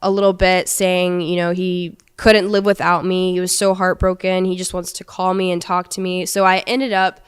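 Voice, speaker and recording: Young woman with a low, very clear voice. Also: level tone, moderate pace, few pauses. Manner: candid, recounting a breakup. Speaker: podcast guest. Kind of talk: podcast interview.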